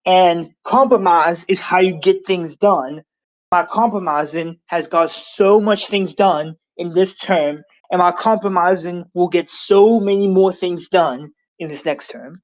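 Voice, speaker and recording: Female candidate, lowish pitch, confident and self-assured. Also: a little slow, poor audio. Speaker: debate candidate, sitting prime minister. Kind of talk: debate answer.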